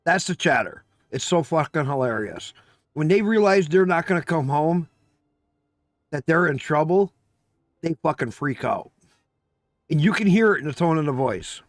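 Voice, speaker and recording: A man's voice: fairly high pitch, lively intonation, moderate pace, long pauses, no room sound, studio quality. A man chatting casually on a live stream, emphatic and profane, ranting with exasperation.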